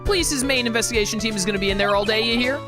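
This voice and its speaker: A bossy old guard lady , read out by a woman, scolding everyone in a raised, pushy voice over game music. She threatens and lectures, pitched above a normal speaking voice. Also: rapid-fire, close to an everyday voice. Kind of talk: reading game dialogue aloud.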